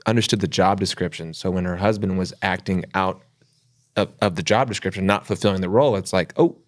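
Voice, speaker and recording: A man's voice: low-pitched, fairly quick. A man co-hosting a podcast, reflecting on a story in casual chat and tying ideas together. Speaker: podcast co-host.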